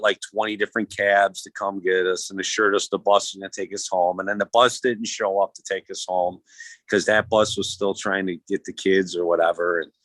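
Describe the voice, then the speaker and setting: A man's voice: on the low side, fairly bright tone, no echo, low-quality recording. A man casually telling a rambling, profane travel story, acting out the lines of people in it. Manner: rambling, profane, acts out quotes.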